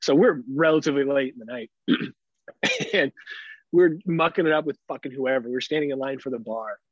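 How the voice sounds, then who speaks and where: A man in his thirties, a podcast co-host, swearing and laughing as he tells animated stories in casual chat. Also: medium pitch, moderate pace, no room sound, lo-fi sound. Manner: animated storyteller, swears a lot, laughs often.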